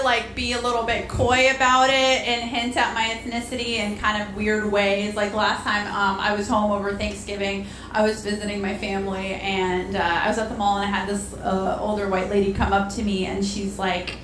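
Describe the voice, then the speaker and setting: A woman doing a stand-up comedy set on a club stage, chatty, with lots of "like" and deadpan punchlines. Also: medium pitch, background noise. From Alabama, USA. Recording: echoey club room. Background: audience laughter.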